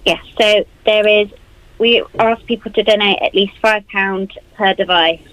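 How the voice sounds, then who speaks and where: A woman's voice: mid-range voice, steady tone, measured pace, fairly bright tone, no room sound, poor audio. A young woman, a university student, explaining an event earnestly in a radio interview.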